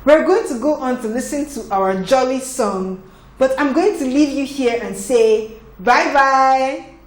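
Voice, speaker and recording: A woman's voice: high-pitched, unhurried. A woman teaching a phonics lesson to young children, sounding out letters patiently and praising often.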